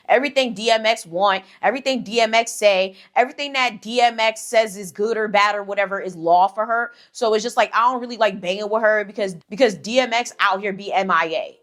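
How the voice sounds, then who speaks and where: A young woman telling a story on her vlog in blunt, profane, sassy casual chat, with animated asides. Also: medium pitch.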